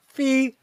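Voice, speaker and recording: A man hosting a podcast and running a quiz, talking in a profane, animated way. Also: a little hiss or hum. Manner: animated, profane, quizzing the others. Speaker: podcast host. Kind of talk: casual chat.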